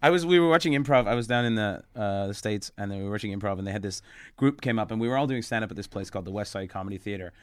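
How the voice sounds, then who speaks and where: A man's voice: fairly low pitch, very fast, smooth, no echo, studio quality. A man chatting casually as a comedian guest, rambling with restarts and laughing often. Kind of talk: casual podcast chat.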